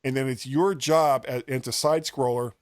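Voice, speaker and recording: A man co-hosting a casual tech podcast recommends a game, rambling, chuckling, and poking fun at himself. His mid-range voice keeps a steady tone at normal speed, recorded dry in studio quality.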